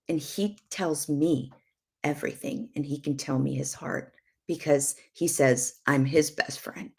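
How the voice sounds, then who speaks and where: A middle-aged woman giving emphatic, preachy marriage advice on a live stream, with soft asides now and then. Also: low voice, husky. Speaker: prophetess and show guest.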